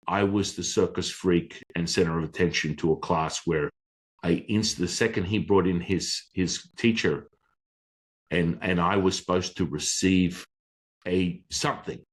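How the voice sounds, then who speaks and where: Guy with a lowish voice telling a story, animated, casual, drops a swear now and then. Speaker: Taoist teacher, guest.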